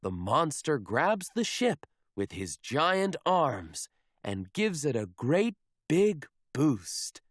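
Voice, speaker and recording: A man reading a children's picture book aloud in a slow, expressive storybook manner. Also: a little high, no room sound, clean studio sound.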